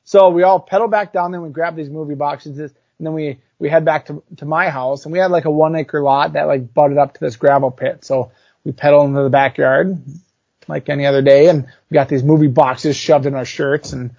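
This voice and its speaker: A man telling a childhood story in casual chat, animated and chatty, full of fillers. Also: on the high side, a little fast, vocal fry, dry recording. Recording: dull lo-fi recording.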